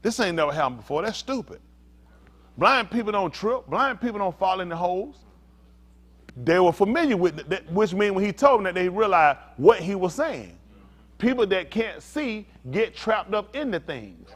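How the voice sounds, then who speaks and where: A man's voice: sits high, normal speed. A man preaching an interactive sermon, teaching in casual vernacular and checking in with listeners. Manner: animated, calls out to listeners, laughs and shouts at times; casual vernacular, asks "y'all understand?". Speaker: pastor.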